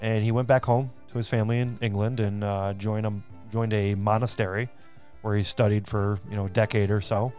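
A man's voice: lowish voice, faint music behind. Laid-back man retelling history. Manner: relaxed, quick to joke. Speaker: podcast co-host. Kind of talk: casual chat, retelling history.

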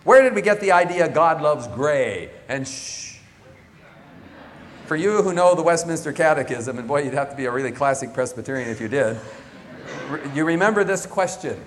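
A man's voice: on the high side, lively intonation, normal speed, a little hiss or hum. A man preaching a sermon from the pulpit, earnest, his delivery swelling and falling. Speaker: pastor. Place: church sanctuary. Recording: long reverb of a large church.

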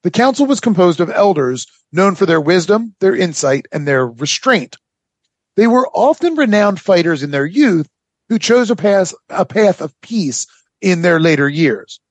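A man hosting a podcast, telling a history story in a casual, halting way full of fillers and restarts. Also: high-pitched, sing-song, no room sound.

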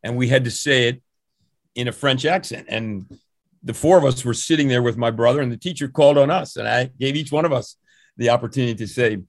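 An older man from New Jersey, USA, who has long coached swimming, recalls his youth in a relaxed, rambling interview full of anecdotes, restarts and chuckles. His voice is medium-pitched and brisk, recorded with no echo.

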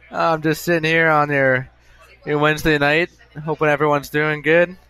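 Guy chatting away on his podcast, bright forceful voice, loose and jokey. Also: a little high, flat delivery, normal speed, clear, resonant tone. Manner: chatty, self-amused, repetitive storytelling. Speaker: podcast host. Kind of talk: casual rambling monologue. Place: bar.

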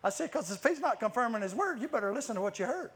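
A man's voice: extremely high pitch, sing-song, rapid-fire, fairly bright tone. A man preaching a sermon, telling stories with many restarts and frequent laughter. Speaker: guest preacher. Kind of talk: lively sermon storytelling.

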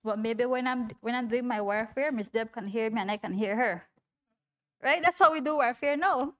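A woman's voice: a little high, moderate pace, fairly bright tone. A woman giving an informal sermon in a chatty way, laughing often and calling on listeners by name. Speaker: preacher.

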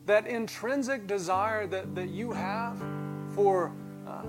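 Pastor, male, high voice, earnest sermon delivery with guitar playing under it. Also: slow, poor audio. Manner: earnest, building to emphatic peaks. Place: church sanctuary. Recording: clear music underneath. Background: soft guitar music.

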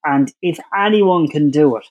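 Slightly husky, higher-voiced man. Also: moderate pace. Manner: confident, teasing, uses many "you know" fillers. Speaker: podcast co-host. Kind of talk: casual chat.

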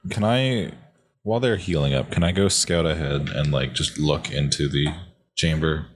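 A man's voice: a bass voice, normal speed. A man playing a tabletop game, dry and a bit hesitant as he speaks in character.

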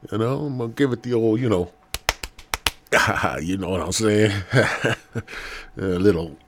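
A man's voice: fairly low pitch, unhurried, background noise. A middle-aged man hosting his own podcast, rambling through a crude, profane comedic monologue from home. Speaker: podcast host.

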